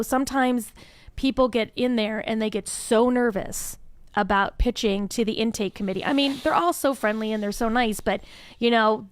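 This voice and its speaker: A woman's voice: on the high side, clear, resonant tone, dry recording. A woman guest in an interview, chatty and enthusiastic, talking with frequent "um, you know" fillers. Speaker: incubator staff member, interview guest. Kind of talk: conversational interview answer.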